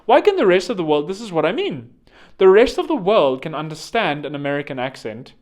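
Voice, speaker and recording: A man's voice: sits high, big pitch swings, fairly quick. A man from South Africa with a South African accent, talking in a rambling, digressive monologue full of sarcastic, mocking asides. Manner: digressive, self-correcting. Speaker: online commentator.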